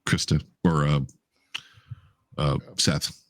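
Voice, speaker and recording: A man's voice: a bass voice, little pitch movement, slow pace, no room sound. A man playing a tabletop game, stumbling over his words and correcting himself mid-sentence. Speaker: player.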